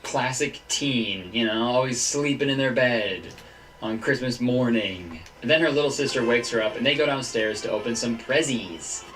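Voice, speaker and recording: A young man giving jokey, animated commentary on memes, laughing often as he goes. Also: mid-range voice, normal speed, reverberant, distant mic, poor audio. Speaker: YouTuber. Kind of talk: casual meme commentary.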